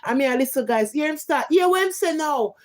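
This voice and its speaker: A woman's voice: high-pitched, expressive, brisk. Heated Jamaican woman ranting. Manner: heated, scolding, emphatic patois. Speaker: live streamer. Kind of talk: casual live-stream rant.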